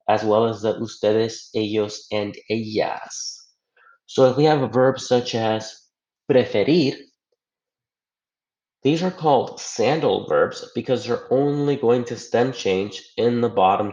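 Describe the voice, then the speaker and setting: In a recorded grammar lesson over slides, a Spanish teacher with a lowish, slightly mellow voice takes things step by step. He stays patient and keeps checking in with "right?" The audio is dull and lo-fi, with an echoey room.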